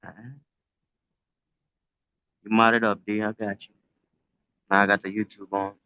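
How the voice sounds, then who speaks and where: A man's voice: fairly low pitch, little pitch movement, a little slow, sharp tone, clear, resonant tone, no echo. A man with a New York accent, chatting casually and profanely on a live stream from his phone outdoors. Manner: loose, profane street talk. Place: outdoors near the beach. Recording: dry, dull phone audio.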